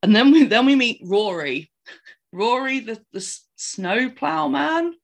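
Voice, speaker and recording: A woman, chatting casually as a podcast co-host and retelling a film in an animated, rambling way. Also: a little high, a little slow, vocal fry. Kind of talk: casual chat recapping a film.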